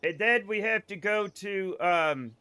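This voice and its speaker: A man's voice: sits high, takes it slowly, bright, forceful tone, clean tone, no echo. A man with a faded Boston accent, joking and swearing through casual gameplay commentary on a live stream and laughing often. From Boston area.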